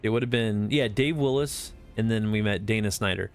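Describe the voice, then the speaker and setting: A man with a lowish voice chats on a live game stream, rambling and swearing freely, with many fillers. Soft music runs faintly in the background. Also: normal speed, clean tone. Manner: rambling, profane, filler-heavy talk. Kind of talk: casual live-stream chat.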